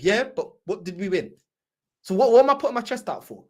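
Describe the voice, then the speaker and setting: A man's voice: very high voice, big pitch swings, fast, fairly bright tone. A man with a London accent argues about his football club in casual, slang-filled talk. He builds his case with passion and insistence. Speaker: football fan co-host.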